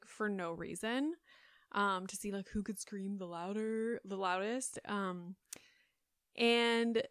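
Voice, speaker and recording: A woman's voice: medium pitch, a bit bright, dry recording. A woman in her thirties hosting a solo podcast, chatting in a rambling way with lots of fillers, close on the mic. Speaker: podcast host. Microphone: close studio mic.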